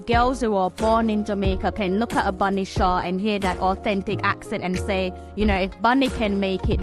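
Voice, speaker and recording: A woman in an interview clip, explaining her view in an articulate, measured way. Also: mid-range voice. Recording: clip with music playing underneath.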